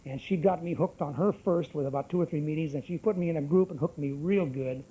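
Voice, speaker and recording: A man's voice: fairly high pitch, fast talker, warm tone, husky, highs cut off. A middle-aged man giving a brash, wisecracking personal testimony at a recovery group meeting. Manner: brash, salty storyteller with wisecracks.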